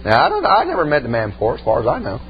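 A man's voice: medium pitch, huge pitch swings, very fast, dull audio, slight background noise. A man preaching a sermon and telling stories from his ministry, emphatic and folksy, punctuating his points with repeated amens. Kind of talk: sermon with personal storytelling.

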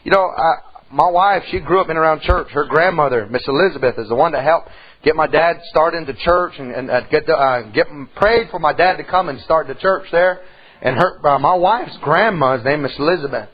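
A man's voice: fairly high pitch, brisk, dull audio. A middle-aged man preaching a sermon in church, telling a folksy story and rising into emphatic calls to the congregation.

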